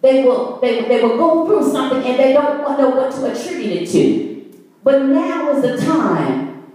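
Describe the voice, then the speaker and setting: A woman's voice: high voice, lively intonation, unhurried, mellow. A woman elder preaching a Sunday worship sermon, emphatic and repetitive, asking rhetorical questions and sometimes intoning her lines. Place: church sanctuary. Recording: very echoey church, voice far from mic.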